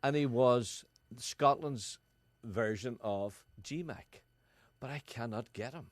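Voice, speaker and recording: A man's voice: medium pitch, slow pace, no echo. A man in casual comic banter, earnest and insistent, often tripping over his words. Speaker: co-host.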